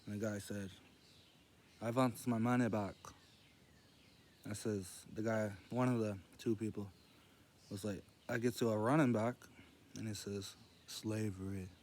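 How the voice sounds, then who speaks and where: A man telling rambling jokes in casual storytelling, meandering and loose as he quotes others in a low murmur. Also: fairly even intonation, measured pace, pauses often, a little mellow, a little hiss or hum.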